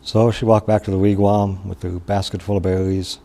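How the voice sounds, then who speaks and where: A man from Wisconsin tells a traditional story in a low, gravelly voice. His tone is mellow and plain-spoken. He talks unhurriedly, with pauses and restarts. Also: level tone.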